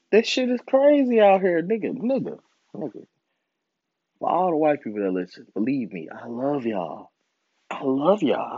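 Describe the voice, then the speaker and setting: Man in his twenties, solo rant host, swears heavily, lively pitch swings, a bit high, recorded dry and lo-fi. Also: husky, no room sound. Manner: profane, animated ranting with mocking put-on voices. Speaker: podcast host. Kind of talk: casual monologue. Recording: dull lo-fi sound, dry.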